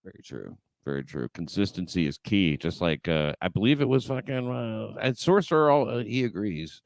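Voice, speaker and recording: A man's voice: on the low side, lively intonation, normal speed, vocal fry, no room sound, clean studio sound. A man hosting a casual late-night show, talking loosely with profane asides and laughter. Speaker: podcast host.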